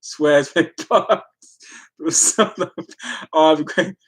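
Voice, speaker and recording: A woman's voice: deep voice, slow, slightly rough. An Irish woman chatting casually on a live stream, giggling and breaking into frequent fits of laughter.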